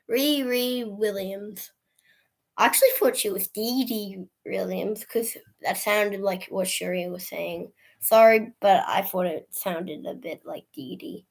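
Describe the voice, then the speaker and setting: A woman's voice: medium pitch, vocal fry. A woman casually recapping a movie on a livestream, chatty and laughing often as she acts out the characters' lines. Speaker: movie reviewer.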